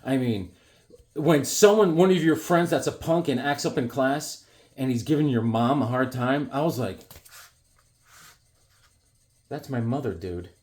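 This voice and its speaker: A man's voice: mid-range voice, normal speed, darkish tone. A man, chatting casually about comics and rambling through stories while acting out the people he quotes. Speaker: comic collector vlogger. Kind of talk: casual chat showing comics.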